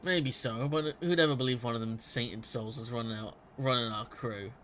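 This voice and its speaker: A man voicing a rough, scoffing male bandit from a game, in a gruff drawl. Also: medium pitch, normal speed, a bit bright, a little hiss or hum, lightly acted.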